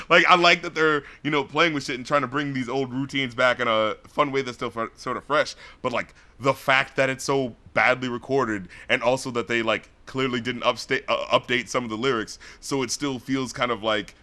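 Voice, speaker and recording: A man co-hosting an album-review podcast, talking in rambling, animated casual chat with frequent laughs. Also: medium pitch, normal speed, hardly any pauses. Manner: animated, rambling, laughs often, acts out rap lines.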